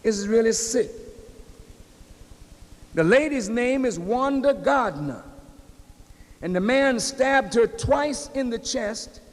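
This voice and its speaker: A man's voice: very high voice, lively intonation, takes it slowly, long pauses. A man in his fifties preaching a sermon to a congregation in a large mosque, emphatic and speaking to them directly. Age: 50s. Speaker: minister. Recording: long reverb of a large hall.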